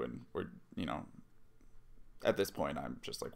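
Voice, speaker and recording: A man tells a story on his vlog in a casual, rambling way, filling it with ums and asides. His voice sits very low, with a gravelly, fry-heavy edge. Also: slow pace, long pauses. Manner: rambling, many fillers and asides. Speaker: vlogger. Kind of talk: casual first-person storytelling.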